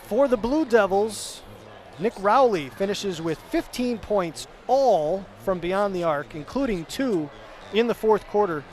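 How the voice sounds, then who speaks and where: A man's voice: high-pitched, animated, unhurried, darkish tone. A male sports announcer giving a postgame wrap-up, rattling off player stats in a chatty, self-correcting way. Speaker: play-by-play announcer.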